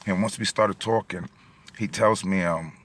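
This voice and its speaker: At a gas station, in and around his car, a middle-aged vlogger with a New York accent shares a story casually. His deep, slightly bright voice has fairly even intonation and normal speed; he rambles with plenty of fillers and gets emotional.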